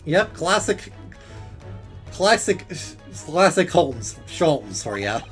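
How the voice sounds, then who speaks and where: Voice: medium pitch, very animated, slow pace. A streamer making playful, joking asides while playing a video game, with game music behind. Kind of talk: casual let's-play commentary.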